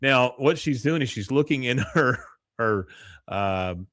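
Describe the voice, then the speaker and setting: A man in a middle pitch, co-hosting a podcast and recapping a cartoon episode in a loose, rambling way. He laughs often and slips into the characters' lines. The sound is dry and close. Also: animated, unhurried, fairly bright tone, no echo. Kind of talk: casual chat.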